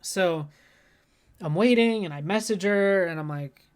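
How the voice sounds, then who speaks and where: With a clean tone, a slightly high voice and a moderate pace, a man co-hosting a podcast tells a casual story about something that made him anxious. He rambles, curses and leans on "like" constantly while getting worked up in the retelling.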